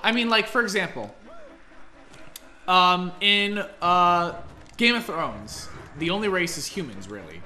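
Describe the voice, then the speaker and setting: A man hosting a let's play, chatting casually with rambling, animated commentary. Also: high voice, a little slow. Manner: animated, rambling, swears freely.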